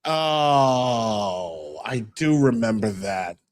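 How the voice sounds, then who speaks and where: A man's voice: mid-range voice, expressive, extremely slow, no echo. A man with a New York accent hosting a casual livestream, brash and stammering as he reads chat aloud. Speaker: podcast host.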